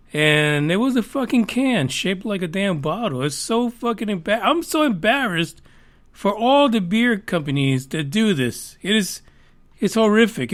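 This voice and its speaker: A man's voice: high voice, fairly bright tone. A man hosting a live podcast stream, chatting casually in a rambling, profane, joking way after a few drinks. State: tipsy from drinking. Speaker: podcast host.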